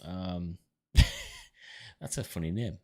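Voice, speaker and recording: A man hosting a casual livestream and answering viewer questions, chatty and relaxed, with many ums and uhs. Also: deep voice, very slow. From United Kingdom. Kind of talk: casual live commentary.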